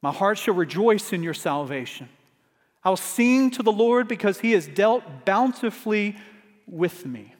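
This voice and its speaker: A pastor with a high voice delivers an earnest, expressive sermon at an unhurried pace, pressing harder on his repeated refrains as it goes on. A long hall reverb carries his words.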